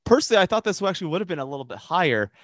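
A man's voice: sits high, big pitch swings, racing, no echo, clean studio sound. A man co-hosting a casual podcast, easygoing and a bit hesitant, with many fillers and restarts. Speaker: podcast co-host.

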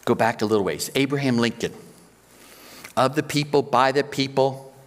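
Pastor preaching in a reverberant hall. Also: male voice, mid-range voice, moderate pace. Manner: explanatory, counts out points in threes. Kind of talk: sermon.

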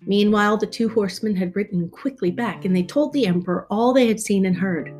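A woman reading a fairy tale aloud in a measured, expressive storytelling style. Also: mid-range voice. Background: soft guitar music.

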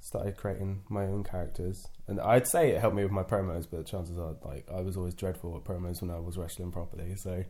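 A man's voice: deep voice, fairly even intonation, brisk, few pauses, warm tone. A man chatting as a podcast guest, telling rambling, self-deprecating stories about wrestling. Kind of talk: casual podcast conversation.

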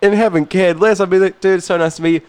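A man's voice: high voice, fairly even intonation, very fast, darkish tone, clear, resonant tone, no echo. A young man telling a story in casual chat, laughing often and swearing freely. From New Zealand. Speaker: podcast guest, musician.

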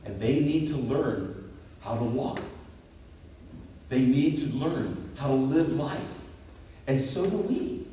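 A man in his fifties preaching a sermon as pastor, telling jokes on himself in a lively, swooping voice. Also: takes it slowly, long pauses, slight background noise. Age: 50s. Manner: lively, self-deprecating storytelling with swooping pitch. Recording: echoey hall picked up from a distance.

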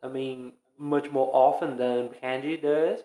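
A man's voice: mid-range voice, fairly even intonation, a little slow, mellow, echoey room, low-quality recording. A man co-hosting a podcast in casual chat, joking and teasing. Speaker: podcast co-host.

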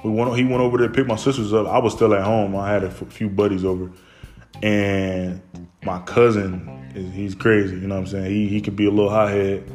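Young adult male with a lowish voice, loose personal storyteller who rambles and restarts. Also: flat delivery, fairly quick, darkish tone, soft background music. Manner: rambling, heavy on fillers and restarts. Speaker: storyteller recounting his childhood.

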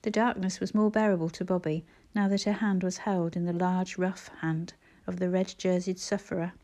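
A woman reading a children's story aloud in a measured storytelling manner. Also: fairly low pitch, little pitch movement, warm tone. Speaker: audiobook narrator.

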